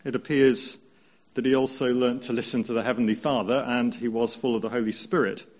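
A man preaching a conversational sermon, slowing down to stress key points. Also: mid-range voice, steady tone, highs cut off. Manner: measured, conversational, slows down for emphasis.

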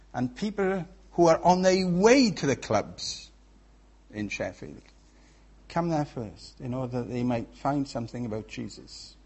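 A man's voice: mid-range voice, breathy edge. A man with a Welsh accent preaching a sermon in a conversational way, often checking in with the congregation. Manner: conversational, checks in with "yeah?" and "right?".

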